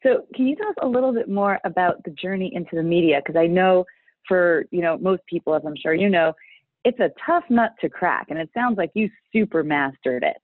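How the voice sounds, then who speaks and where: A woman's voice: fairly low pitch, brisk, dry recording. A woman hosting a podcast interview, bubbly and enthusiastic as she reads the guest's introduction and asks questions. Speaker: podcast host. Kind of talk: interview host chat. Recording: dry, tinny phone-like line.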